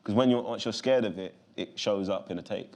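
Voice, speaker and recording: Gravelly London man, low voice. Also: fairly quick, a little mellow. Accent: London English. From London, England. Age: 30s. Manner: loose, rambling, with many fillers and restarts. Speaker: actor, interview guest. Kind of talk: casual interview talk.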